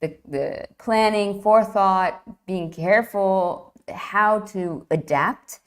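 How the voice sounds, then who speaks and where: A woman guest retelling an ancient myth in lively, enthusiastic conversation, often restarting her phrases. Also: medium pitch, takes it slowly. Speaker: guest, classics writer. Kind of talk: animated myth storytelling in conversation.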